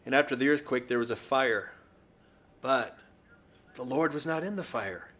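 A man's voice: medium pitch, normal speed, fairly bright tone. A male preacher delivering a sermon, retelling the story with wry asides.

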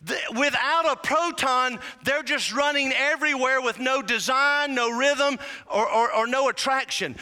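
A man preaching a sermon, fervent and humorous, rising to shouted whoops. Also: very high-pitched. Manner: humorous asides to the congregation. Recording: long hall reverb.

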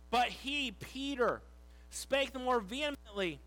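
A man with a high voice preaches a sermon. He reads scripture slowly, in a dramatic way, moving from loud emphasis to soft, quiet lines. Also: expressive, rough recording. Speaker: pastor.

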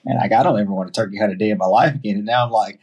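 Man, Southern US accent, low husky voice, animated storyteller, podcast guest. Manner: animated, quotes himself and others in quick bursts. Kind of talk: casual storytelling chat.

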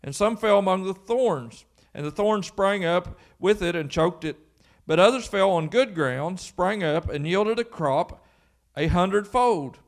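A man's voice: sits high, expressive, measured pace. A man preaching a sermon as pastor, emphatic and full of rhetorical questions.

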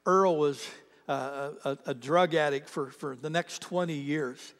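A pastor preaches a sermon, his voice slightly high, slightly slow, and a little bright. He tells stories earnestly, repeating words to build them up. The recording carries the long reverb of a large hall.

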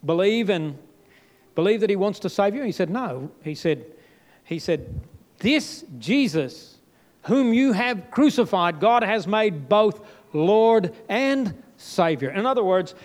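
A man preaching a sermon with emphatic, dramatic delivery, voice leaping up and dropping low. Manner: emphatic, with sudden jumps and drops in pitch and loudness.

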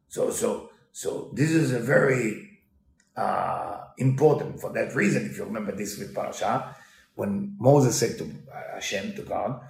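A man's voice: medium pitch, vocal fry, darkish tone. A man giving a storytelling Torah lesson in broken English, mixing in Hebrew quotes. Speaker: Torah teacher. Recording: roomy echo.

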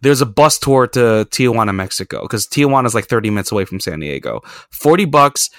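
A man hosts a podcast, spinning rambling, profane, self-deprecating travel stories in casual conversation. His mid-range voice is a little bright, with lively intonation and a quick pace. The recording is dry and clean, with a studio sound.

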